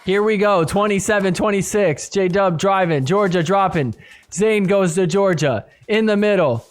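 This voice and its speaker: A man hosting a podcast, recapping a match in play-by-play commentary and getting loud and excited at the big points. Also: high-pitched, a little slow. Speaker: podcast host.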